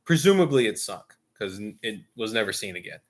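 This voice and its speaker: A man's voice: fairly low pitch, sing-song, a little fast. A man hosting a gaming stream, telling a long story in casual chat with jokey asides and frequent laughs. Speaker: stream host.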